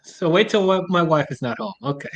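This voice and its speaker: A man's voice: high voice, animated, fairly quick, rough recording. A man co-hosting a casual chat show, laid-back and teasing. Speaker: co-host.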